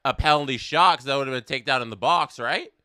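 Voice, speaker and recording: A young man hosts a casual live watch-along, calling the match and chatting with viewers in a medium-pitched voice. He talks fast with a clean, echo-free tone, reads chat aloud, and bursts into excitement on big plays. The studio sound is clean.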